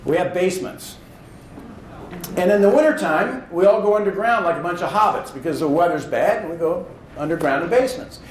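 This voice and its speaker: A man's voice: high voice, lively intonation, a little fast. A man in his thirties from Indiana, giving a motivational speech in a hall, telling stories and building to emphatic points. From Indiana, USA. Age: 30s. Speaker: public speaking champion. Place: hall with audience. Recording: roomy hall echo, faint noise.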